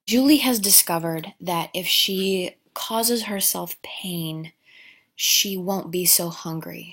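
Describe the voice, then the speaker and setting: A woman's voice: on the low side, a bit bright, husky. A woman giving a crude, sarcastic comedic recap of a movie, rambling with asides.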